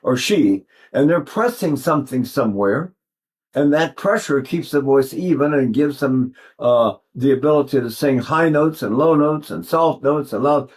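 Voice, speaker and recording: Older man, voice teacher, rambling lesson, fairly high voice. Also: a little mellow. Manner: rambling, with sung demonstrations. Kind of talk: vocal technique lesson.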